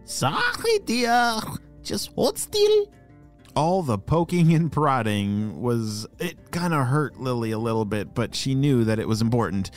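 A man narrating a children's story, animated and talking directly to young listeners with questions. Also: medium pitch, moderate pace, hardly any pauses, soft background music.

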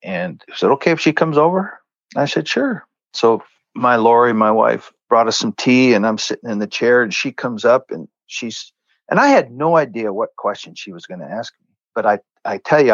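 Earnest male guest, lowish voice, dry muffled lo-fi sound. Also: no echo. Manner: earnest, conversational, acts out quoted lines. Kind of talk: storytelling in a faith interview.

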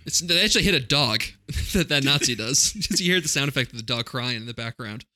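A man's voice: medium pitch, lively intonation, brisk, pushed and bright, no echo. A man in a casual movie chat who jokes and laughs often, quipping in character.

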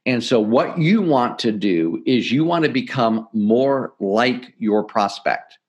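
A middle-aged man, a podcast guest, explaining sales techniques in an energetic, emphatic coaching manner. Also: mid-range voice, takes it slowly, dull audio. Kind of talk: podcast interview, teaching sales tips.

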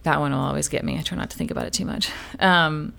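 Low, gravelly-voiced woman guest. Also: fairly even intonation, fast, a bit bright. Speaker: podcast guest. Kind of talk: casual interview chat.

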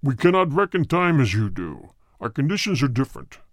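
A man doing a cold, deep spirit voice. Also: sing-song, fairly quick, dry recording, clean studio sound. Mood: cold, solemn. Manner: solemn, terse, aloof. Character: cold deep-voiced male spirit speaking through a medium. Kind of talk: audiobook reading.

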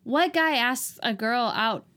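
A woman's voice: fairly high pitch, animated, slow pace, pushed and bright. Sarcastic woman co-hosting a chat. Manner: sarcastic, exasperated. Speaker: podcast co-host reviewing a movie. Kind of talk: casual chat.

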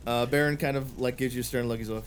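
A man's voice: medium pitch, fairly even intonation, fast, a little hiss or hum. A man narrating as game master of a tabletop game, casual, with many fillers.

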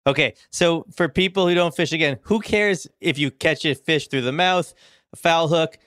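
Male interviewer, measured and probing, dry sound. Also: a little high, a bit bright, clear, resonant tone, no echo. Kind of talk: interview questions.

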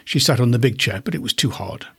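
Husky man narrating a bedtime story. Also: mid-range voice, expressive, fast talker, a bit bright. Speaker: podcast host.

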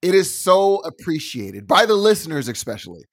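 A man's voice: a little high, big pitch swings, moderate pace, husky. A man co-hosting a casual podcast, playful and teasing with his friend. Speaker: podcast co-host.

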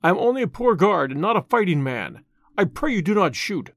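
A man's voice: high-pitched, big pitch swings, fairly quick, a bit bright, no echo, clean studio sound, heavily acted. A man voicing a timid jail guard who pleads fearfully in an audiobook reading. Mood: frightened.

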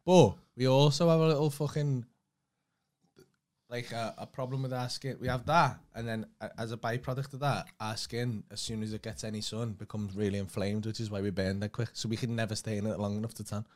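A man's voice: lowish voice, steady tone, fairly quick, darkish tone. A man co-hosting a podcast, laid-back and sweary in casual chat. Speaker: podcast co-host.

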